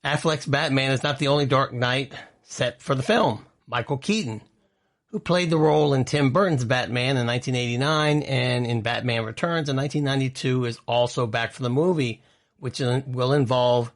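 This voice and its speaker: Gravelly-voiced man hosting a chatty podcast. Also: mid-range voice, normal speed. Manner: chatty and opinionated, reads out quotes with asides. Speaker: podcast host. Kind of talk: casual entertainment news commentary.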